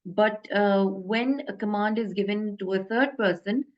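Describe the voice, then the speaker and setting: A woman's voice: mid-range voice, unhurried, a little mellow, dull audio. A woman teaching an Arabic grammar lesson in a casual, hesitant way, full of fillers and self-corrections.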